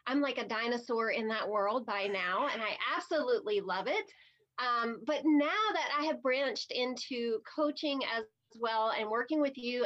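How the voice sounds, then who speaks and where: A chatty, excited woman from New Jersey, talking casually as a network marketing coach on a video call. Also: fairly high pitch. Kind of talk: casual webinar chat. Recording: dull lo-fi video call audio.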